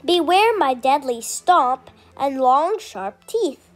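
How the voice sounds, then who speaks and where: A woman voicing a huge, boastful male tyrannosaurus who hunts for breakfast and speaks in slow, roaring declarations. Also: high-pitched, lively intonation, faint music behind.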